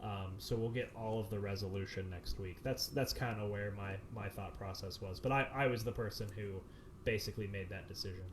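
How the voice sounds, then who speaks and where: A man's voice: fairly low pitch, a little fast, noisy background. Rambling man explaining over a video call. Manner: rambling, many fillers and restarts. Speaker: director of a community theater production. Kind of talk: explanatory Q&A answers.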